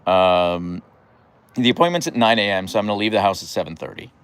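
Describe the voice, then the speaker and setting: A man's voice: fairly low pitch, fairly quick, clean tone. A young man chatting casually on a livestream at home, rambling through stories and answering viewer comments. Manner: rambling and chatty, full of fillers and restarts. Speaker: dog owner livestreaming his huskies. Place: at home, on a deck by his dogs.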